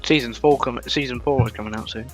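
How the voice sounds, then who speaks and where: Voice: mid-range voice, fast, faint music behind. Playful, slangy South London speaker. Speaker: stream co-player. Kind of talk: casual chat.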